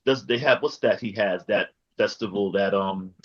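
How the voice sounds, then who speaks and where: A man's voice: fairly low pitch, moderate pace, a bit bright, husky, muffled recording. A man interviewing a guest in a casual chat, rambling and searching for words.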